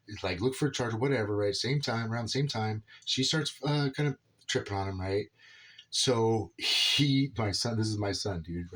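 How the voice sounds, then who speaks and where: A man's voice: on the low side, a bit bright. A man rambling casually through a personal story about his son, filling his talk with "right?" and "dude". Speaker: father telling a personal story.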